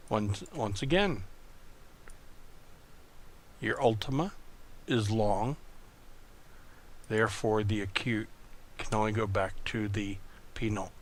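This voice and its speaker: A man's voice: on the low side, takes it slowly, pauses often. A man tutoring in a recorded online lesson, explaining patiently and methodically, often repeating words. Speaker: Greek tutor.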